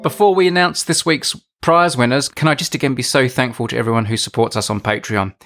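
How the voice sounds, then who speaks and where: Male podcast co-host, mid pitch, easy chatty delivery, faint guitar behind. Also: brisk, a bit bright. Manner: chatty, laughs easily. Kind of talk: casual chat.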